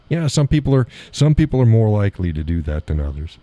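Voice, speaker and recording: A man's voice: lowish voice, fairly quick, hardly any pauses, mellow, no room sound. A man hosting a live show who chats casually and reads out audience comments, rambling and chuckling often. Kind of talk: casual chat reading audience chat.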